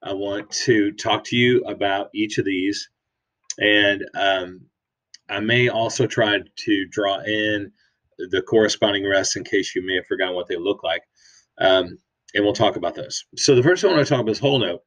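A man's voice: lowish voice, moderate pace, a bit bright. Upbeat man teaching a music lesson. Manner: enthusiastic, counts and chants rhythms aloud. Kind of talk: upbeat classroom video lesson.

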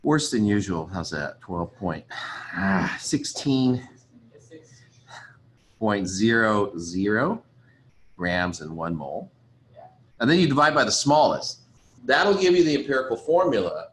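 A man's voice: lowish voice, big pitch swings, measured pace, pauses often. A man teaching a chemistry lesson in a casual, chatty way, thinking aloud and apologizing as he writes. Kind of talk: casual recorded lecture.

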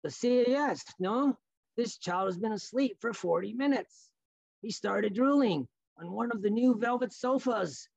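A man voicing a fussy, indignant store clerk with a French accent, scolding in a raised, shrill voice. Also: moderate pace, vocal fry, breathy edge, dry recording, muffled recording, heavily acted.

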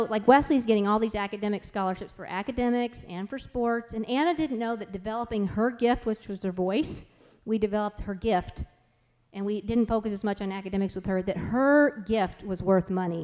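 A woman in her forties tells family stories to a conference audience. Her voice is a touch high for a woman, and she talks in a chatty, animated way full of asides. Her delivery runs loose and conversational. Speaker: conference speaker. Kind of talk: storytelling talk.

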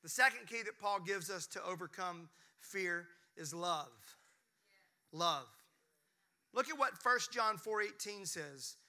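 Animated pastor in his fifties. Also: sits high, takes it slowly. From Mississippi, US. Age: 50s. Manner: preaching with call-and-response to the congregation; animated, jokes and playful asides. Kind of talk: sermon.

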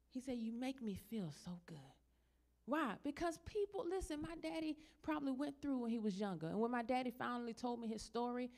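Woman minister preaching, rising to loud peaks. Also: vocal fry. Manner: conversational preaching that builds to loud, high-pitched passages. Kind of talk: sermon.

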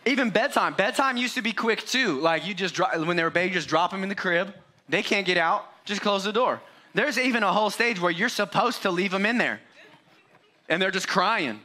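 This man in his forties delivers a church sermon in a high, animated voice that runs a little fast and sounds pushed and bright. Conversational and joking, the pastor acts out family scenes, mimicking his children loudly.

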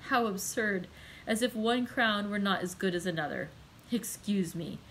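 A woman's voice: mid-range voice, moderate pace, fairly bright tone, slight background noise, natural voice, rough recording. A woman reading as a flustered greedy banker. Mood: nervous. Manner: stammering, flustered. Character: nervous, greedy male banker under pressure.

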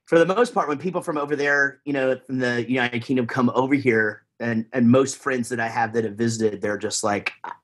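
A man's voice: mid-range voice, brisk, hardly any pauses. A man with a Texan accent, chatting casually as a podcast guest, rambling with lots of fillers and restarts. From Texas, USA.

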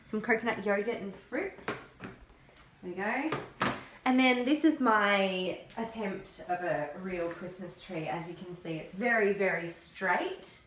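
A woman's voice: medium pitch, measured pace, fairly bright tone, a little hiss or hum. A young woman chatting and giggling in a casual family vlog. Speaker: vlogger.

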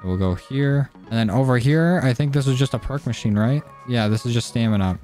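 A young man talks through his game in a loose, joking way, swearing and getting excitable. His pitch sits in the middle of the male range. He speaks into a desk mic, with faint music running behind him. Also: brisk. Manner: jokey, cursing, excitable. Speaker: gaming YouTuber. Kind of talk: casual gameplay commentary.

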